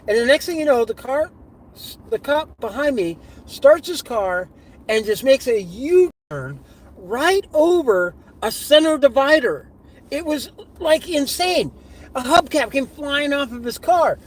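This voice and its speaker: A middle-aged man tells a casual story while driving, acting out the voices he quotes with lively energy. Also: extremely high pitch, a little slow, low-quality recording. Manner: animated, acts out quoted voices. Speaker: live streamer. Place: inside a car on the road. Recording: car and road noise behind.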